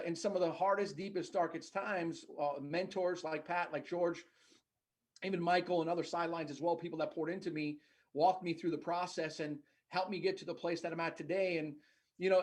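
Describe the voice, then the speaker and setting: A man's voice: on the high side, steady tone, a little fast. A man with a New Jersey accent, a podcast guest telling his story in an earnest, casual way. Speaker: podcast guest, agency executive.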